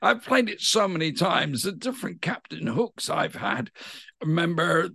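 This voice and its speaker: A man's voice: sits high, measured pace, creaky, slightly rough, no echo, clean studio sound. A middle-aged man with a West Country English accent, a pantomime actor chatting enthusiastically in an interview. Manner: chatty and enthusiastic, animated storytelling. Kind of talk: casual interview chat.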